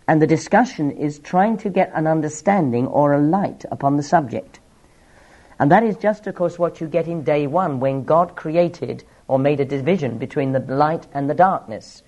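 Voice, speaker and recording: A man's voice: a little high, dark tone. A man teaching through a Bible passage, explaining each verse with asides and small laughs.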